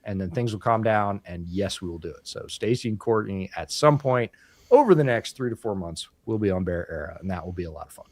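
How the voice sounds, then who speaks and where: Podcast co-host, man, lowish voice, casual storyteller who acts out quotes, dry close sound. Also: expressive, a little fast, no echo.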